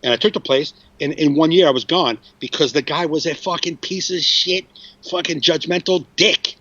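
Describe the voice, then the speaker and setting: Comedian host, 40s, loose storyteller, swears freely; muffled, dry recording. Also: male voice, a little high, normal speed, pushed and bright, no room sound. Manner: rambling, frequent restarts and swearing. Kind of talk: casual storytelling chat.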